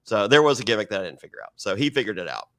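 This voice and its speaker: A man's voice: fairly low pitch, big pitch swings, very fast, fairly bright tone. A man telling a story on a podcast, rambling and swearing, acting out other people's lines as he goes. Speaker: guest telling stories.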